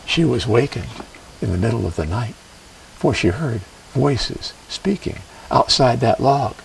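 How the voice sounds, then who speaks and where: A man telling a traditional legend in a measured, expressive way with dramatic pauses. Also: medium pitch, creaky, recorded from a distance, slight background noise, poor audio. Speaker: storyteller. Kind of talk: traditional storytelling performance.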